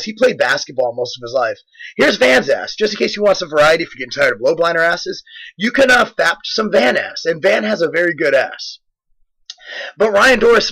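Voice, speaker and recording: Young male fitness vlog host, boastful, jokey storyteller, bright tone. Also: on the high side, poor audio. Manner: joking, boastful, rambling storyteller. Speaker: fitness supplement company host. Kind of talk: casual gym vlog commentary.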